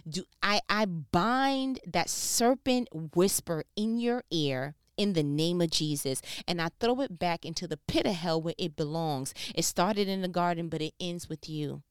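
A woman preaches a sermon with a low, smooth, resonant voice, talking to her listeners as if in conversation. She swings from hushed asides to loud, excited bursts. The sound is dry and close. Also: a little slow, hardly any pauses, no room sound.

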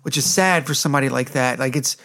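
A man's voice: medium pitch, sharp tone. A man chatting casually about a movie as a podcast co-host, rambling and swearing freely. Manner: rambling, profane, fast and eager. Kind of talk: casual movie review chat.

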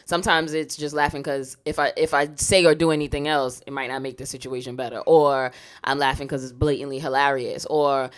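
A woman's voice: a bass voice, fairly even intonation, fairly quick, few pauses. A woman co-hosting a podcast in casual, frank chat, often saying "you know" and laughing easily. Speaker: podcast co-host.

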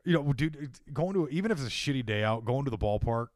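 A man's voice: mid-range voice, expressive, fast, darkish tone, no room sound, studio quality. Crude, joking man on a podcast. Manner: crude, joking storyteller, laughs often. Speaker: podcast co-host. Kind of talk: casual chat.

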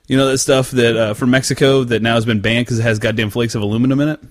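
A man's voice: mid-range voice, fast, dry recording, studio quality. A young man, telling profane stories in casual chat and laughing often. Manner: profane, animated storytelling with frequent laughter.

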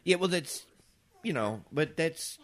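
A man's voice: on the high side, animated, a little slow, fairly bright tone. A man co-hosting a casual podcast, reasoning aloud and arguing his points through rhetorical questions. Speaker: podcast co-host.

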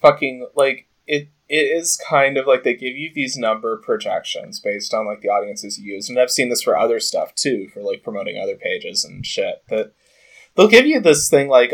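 A man of middle pitch talks in a casual podcast chat. He speaks haltingly, restarts his sentences, leans on fillers, and swears freely. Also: expressive.

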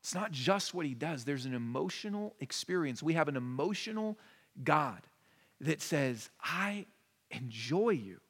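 A man in his thirties preaching a conversational sermon, moving between quiet, intimate asides and rising, emphatic lines. His voice sits a bit high for a man. The sound is a church sanctuary with a long reverb tail. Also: animated, moderate pace. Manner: conversational, swings from hushed to emphatic. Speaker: pastor.

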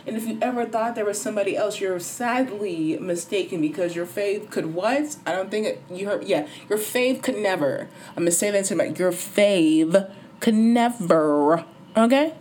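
A woman vlogging a casual album review, animated and dramatic, swearing and breaking into sudden high squeals. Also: a little hiss or hum. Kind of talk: casual excited rant to camera.

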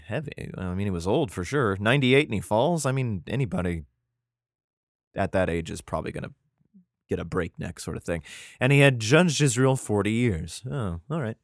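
A man's voice: lowish voice, no echo, clean studio sound. A young man reading old scripture aloud and breaking off into sarcastic, profane commentary. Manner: crude, sarcastic commentary between archaic verses. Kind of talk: irreverent comedic reading with profane asides.

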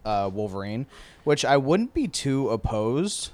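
Male guest, mid pitch, very lively intonation, teasing. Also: a little slow. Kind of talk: casual chat.

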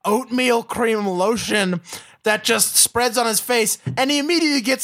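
A man with a high, gravelly voice co-hosts a podcast in loose, profane movie-review chat. He jokes around and acts out scenes as he goes. The sound is bright and dry. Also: moderate pace, dry recording. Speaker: podcast co-host.

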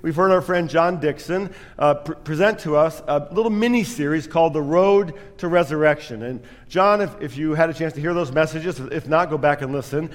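A man's voice: on the high side, moderate pace, hardly any pauses, big-room sound. A man preaching a sermon as pastor, telling a story with self-deprecating humor.

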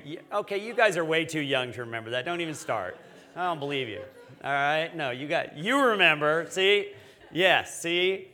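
A man, an associate pastor, preaching a conversational sermon, joking with the congregation and rising louder when he reads scripture. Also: on the high side.

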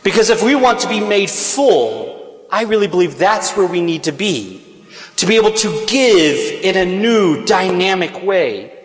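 A man's voice: high voice, expressive, measured pace. A man preaching a sermon in earnest tones, rising to emphatic peaks on his key points. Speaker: speaker on stewardship. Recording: echoey hall reverb.

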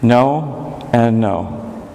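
A man preaching a sermon, swinging between high urgent passages and low intimate ones. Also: lively intonation, very slow, gravelly, mellow. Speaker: pastor. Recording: echoey hall reverb.

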